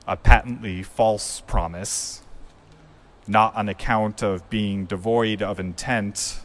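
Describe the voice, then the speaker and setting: Slow, low-voiced male pastor preaching. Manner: measured, reflective storytelling delivery. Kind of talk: sermon.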